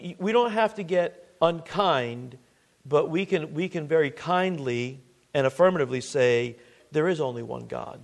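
A man preaching with a high, gravelly voice. He presses his points with rhetorical questions and sinks into a hushed tone for scripture readings. His delivery stays emphatic and unhurried. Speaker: pastor. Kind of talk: sermon.

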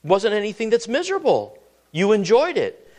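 A man's voice: high voice, huge pitch swings, moderate pace, darkish tone. A man preaching a sermon as pastor, asking the congregation questions and often repeating words as he goes.

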